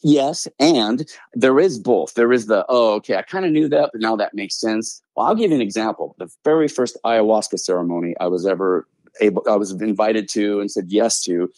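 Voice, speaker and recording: Man, podcast guest, low voice, dry close sound, lively storyteller. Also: a little fast, no echo. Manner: animated, acts out voices in anecdotes. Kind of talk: casual conversational storytelling.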